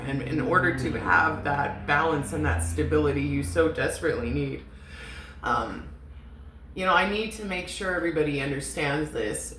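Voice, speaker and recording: A woman giving a casual tarot reading, chatty and emotional, swearing and laughing often. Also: low-pitched. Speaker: tarot reader. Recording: echoey room with faint noise.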